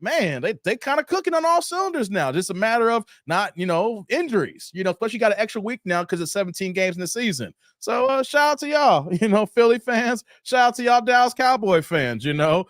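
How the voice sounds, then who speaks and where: A man hosting a casual live stream, talking in loose slang, greeting viewers by name and getting animated as he riffs. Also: a little fast, hardly any pauses, dry recording, studio quality. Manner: animated, jumps high in pitch when worked up.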